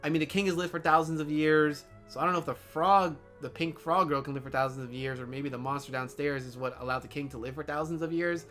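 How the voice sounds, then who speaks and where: A man hosting a casual chat, excitable and rambling, joking as he goes. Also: on the high side, fast, hardly any pauses, soft background music. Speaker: host.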